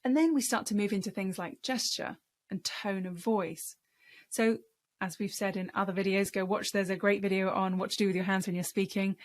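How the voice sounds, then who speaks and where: Woman, public speaking coach, emphatic, encouraging, lesson to camera. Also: mid-range voice.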